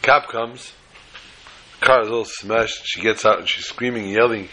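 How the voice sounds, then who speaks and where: Rabbi giving a torah class, bright voice, gets loud and animated, acts out the stories. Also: male voice, on the low side, moderate pace. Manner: animated, acts out quotes, rising to loud exclamations. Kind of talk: Torah lesson with told stories.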